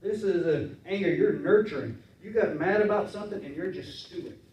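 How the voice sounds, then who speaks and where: A man preaching a sermon in a relaxed, conversational way, acting out the voices of his listeners. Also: sits high, fairly quick. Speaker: pastor. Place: church sanctuary. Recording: roomy church sound from a distance.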